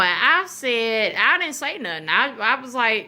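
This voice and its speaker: A woman telling a personal story on a vlog, animated, casual and profane. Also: high voice, measured pace, hardly any pauses. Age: adult. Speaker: vlogger.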